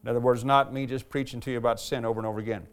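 A man preaching a sermon as pastor, earnest and emphatic, slowing down and lifting his voice to stress key lines. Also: mid-range voice, steady tone, clean tone. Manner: earnest, emphatic preaching, slows and lifts voice when reading aloud.

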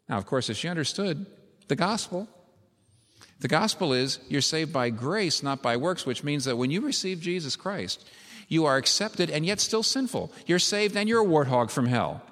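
A man's voice: fairly high pitch, expressive, moderate pace, fairly bright tone. A man preaching a sermon, retelling a story vividly and with emphasis before leading a prayer. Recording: long hall reverb.

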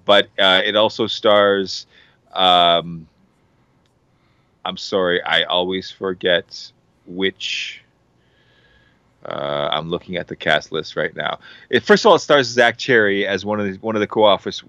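A man's voice: low voice, unhurried, long pauses, sharp tone, clean tone, no echo. A man on a casual podcast, rambling enthusiastically about a TV series with lots of fillers and restarts. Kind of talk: casual show recommendation.

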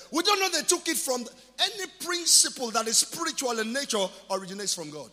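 A male pastor with a Nigerian accent preaching a sermon. He asks questions and answers them himself, then builds to shouted declarations. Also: very high-pitched, sing-song, moderate pace, big-room sound. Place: church.

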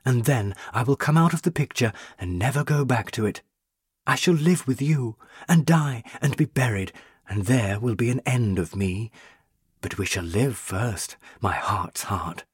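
A man voicing a young female ghost, a burned witch, speaking in a pleading, tender and intense way with a husky voice. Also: mid-range voice, lively intonation, a little slow, dry recording, studio quality.

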